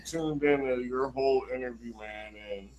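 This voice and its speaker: A man's voice: mid-range voice, moderate pace, muffled recording, a crowd in the background. A man hosting a live radio interview, hyped and encouraging, with a slangy way of talking. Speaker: radio host.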